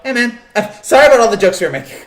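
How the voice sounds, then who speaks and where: Male sports-stream host, lively pitch, rambling banter, echoey room. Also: very fast. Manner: rambling, joking, many restarts and fillers. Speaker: sports show host reading live chat. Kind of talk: casual live-stream chat.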